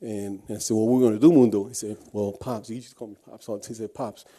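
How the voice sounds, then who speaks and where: Mellow-voiced man recounting a true ordeal. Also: lowish voice, fairly even intonation, fast. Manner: earnest storytelling with frequent restarts. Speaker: guest speaker. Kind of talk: personal testimony speech.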